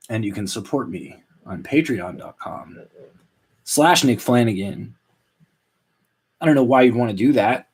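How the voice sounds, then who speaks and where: A man in his late thirties hosting a solo comedy podcast, rambling in a deadpan, self-mocking way. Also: on the low side, unhurried, pauses often, slightly rough. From Canada. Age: 30s. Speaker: podcast host. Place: at home.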